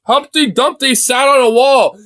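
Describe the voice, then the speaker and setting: A man doing profane, excitable live reaction commentary as a streamer, laughing and often shouting. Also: very high voice, normal speed.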